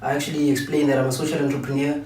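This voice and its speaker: A man's voice: mid-range voice, flat delivery, very fast, a little mellow. Co-host, male, hesitant and rambling, echoey room, mic at a distance. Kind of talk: casual chat. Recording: roomy distant mic with faint noise.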